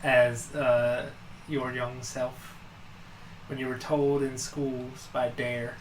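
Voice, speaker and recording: A man's voice: mid-range voice, flat delivery, takes it slowly. A man co-hosting a casual podcast, rambling through a story with lots of "uh" and "like". His voice sits in an ordinary middle range. It carries a roomy echo over a faint hiss. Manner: rambling storyteller, many fillers and restarts. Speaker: podcast co-host. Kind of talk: casual chat.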